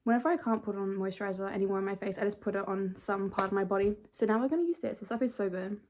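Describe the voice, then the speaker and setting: A woman's voice: medium pitch, very fast, a little mellow. A young woman in a casual bedtime vlog, chatting playfully and poking fun at herself. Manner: chatty, playful, self-mocking. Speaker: vlogger. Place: bedroom at home.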